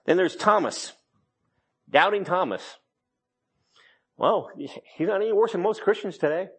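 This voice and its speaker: Husky rambling folksy male preacher. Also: high voice, lively intonation, a little slow, fairly bright tone. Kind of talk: sermon.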